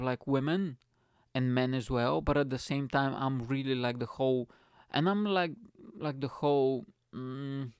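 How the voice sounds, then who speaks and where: A man's voice: medium pitch, clean tone, dry recording, studio quality. A man hosting his comedy podcast, ranting energetically and crudely with lots of restarts.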